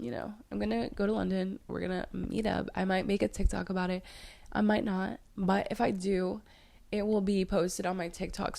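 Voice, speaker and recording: A young woman hosting her own podcast with a raspy, hoarse voice, giving earnest advice and repeating points for emphasis. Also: medium pitch, a little mellow. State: hoarse, voice tired. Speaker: podcast host. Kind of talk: solo podcast talk.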